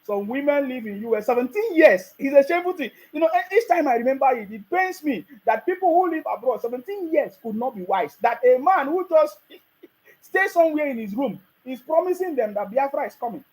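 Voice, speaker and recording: A man's voice: extremely high pitch, lively intonation, brisk, a little mellow, low-quality recording. A man with a Nigerian accent, delivering a mocking political rant and laughing at his opponents. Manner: mocking, laughs often, scolding the listener. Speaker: political commentator. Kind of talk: ranting monologue.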